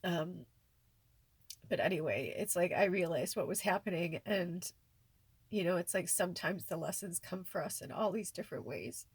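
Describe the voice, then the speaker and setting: A tearful woman rambles through a personal vlog, her low voice gravelly and husky. The sound is dry and close. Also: normal speed, dry recording. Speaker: spiritual vlogger.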